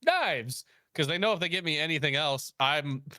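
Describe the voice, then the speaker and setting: Bright, animated man telling a story. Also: fairly high pitch, brisk, clear, resonant tone, no echo, clean studio sound. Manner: animated, laughs often, acts out quoted dialogue. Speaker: guest, chef. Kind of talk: casual storytelling chat.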